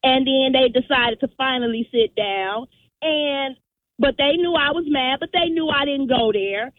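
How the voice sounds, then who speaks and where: A woman phones in to a talk show and tells her story with animation, acting out what people said. Her voice sits high, and it comes through a narrow, tinny phone line with no room sound. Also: measured pace, dry recording. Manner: animated storyteller, acts out quotes. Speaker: caller. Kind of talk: call-in radio story.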